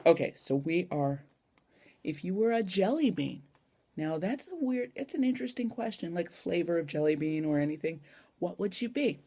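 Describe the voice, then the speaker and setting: A woman's voice: lowish voice, animated, normal speed, warm tone, slightly rough. A young woman chatting casually in a vlog tag, rambling and adding little asides, recorded on a phone camera. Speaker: vlogger.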